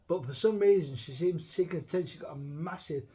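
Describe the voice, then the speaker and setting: High-voiced blunt man. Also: fairly quick, warm tone. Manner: blunt, profane, rambling rant. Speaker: show host. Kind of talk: casual chat.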